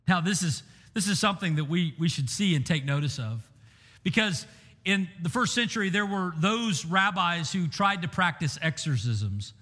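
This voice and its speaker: A man's voice: high voice, fairly bright tone, big-room sound. A man preaching a sermon in an emphatic, conversational way, asking the listeners questions. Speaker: pastor.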